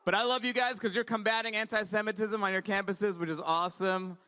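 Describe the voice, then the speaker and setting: A male comedian in his thirties working a conference crowd in a chatty, wry stand-up style. His voice sits high and bright, and it cuts cleanly through a handheld stage mic. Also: steady tone, a little fast, smooth.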